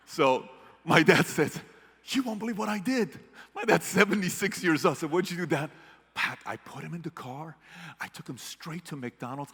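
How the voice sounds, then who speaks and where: A man from the Middle East giving a motivational keynote speech to a live audience, telling stories animatedly and swinging from hushed to loud. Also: high-pitched, normal speed, slightly rough. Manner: animated storyteller, shifts from hushed to shouting. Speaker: keynote speaker. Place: large hall with audience. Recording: long hall reverb.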